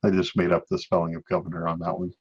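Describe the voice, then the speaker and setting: A man narrating as game master of a tabletop game, pausing often with fillers. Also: sits low, completely flat delivery, husky, dull audio. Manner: hesitant, many filler pauses.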